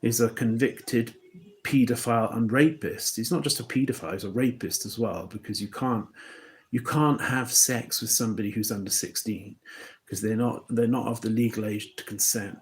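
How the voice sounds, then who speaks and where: A man's voice: on the low side, fairly even intonation, moderate pace. A man talking to camera in a loose, rambling monologue, often restarting his sentences. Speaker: vlogger.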